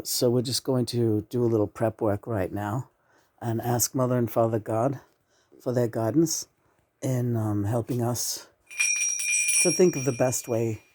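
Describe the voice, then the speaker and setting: A woman channeling the spirit of a late male musician, speaking in a hushed, slow way full of halting fillers. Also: very deep voice, voice pushed down.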